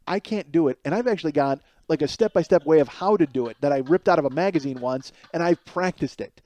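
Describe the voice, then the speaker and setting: Man in his forties, podcast host; animated solo storyteller who swears freely and mocks himself. Slightly high, mellow voice, dry close sound. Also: fast talker. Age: 40s. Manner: animated, profane, self-mocking.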